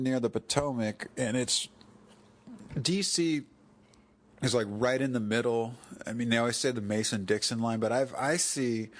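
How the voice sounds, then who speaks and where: A man hosting a solo podcast, talking in a rambling, digressive way, correcting himself and drifting off topic. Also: medium pitch. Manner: digressive, self-correcting, chuckling asides. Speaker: podcast host.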